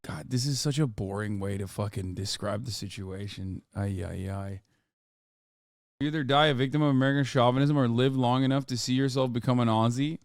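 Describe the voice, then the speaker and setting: A man reacting casually on a live stream, animated, sarcastic and profane. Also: mid-range voice, brisk. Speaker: streamer, host.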